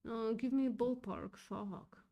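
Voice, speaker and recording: A woman's voice: on the high side, steady tone, a little slow, mellow. A woman hosting a casual livestream, upset and thinking aloud, swearing often as she reads chat. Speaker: livestream host reading chat.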